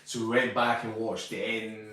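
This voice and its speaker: A man's voice: lowish voice, little pitch movement, moderate pace, pushed and bright. A man with an ordinary mid-range voice co-hosts a laid-back live chat. He reads out comments and tosses in dry, joking remarks. The room gives him a strong echo, and he sounds a little distant from the mic. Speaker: co-host of a live stream. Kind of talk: casual live-stream chat.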